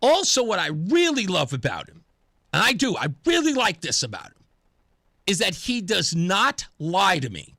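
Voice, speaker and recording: A man's voice: sits high, moderate pace, no room sound, studio quality. A man hosting a radio talk show, giving an opinionated monologue and acting out the dialogue he quotes. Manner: animated, acts out quoted dialogue; laughs at himself.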